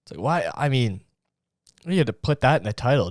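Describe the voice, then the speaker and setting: A man's voice: mid-range voice, lively intonation, brisk, no room sound, clean studio sound. A young man hosting a comedy podcast, rambling and swearing with lots of filler words. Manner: rambling, profane, full of fillers. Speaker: podcast host.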